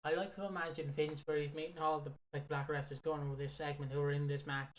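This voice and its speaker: A woman's voice: low voice, flat delivery, quick pace. Giggly woman podcaster. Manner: giggly, playful, imagining scenarios. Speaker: podcast co-host. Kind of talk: casual wrestling review chat.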